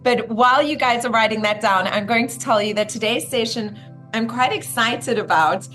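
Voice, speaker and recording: A woman's voice: on the high side, moderate pace, sharp tone, faint music behind. A woman hosting a spiritual live stream, effusive and greeting her viewers one by one by name.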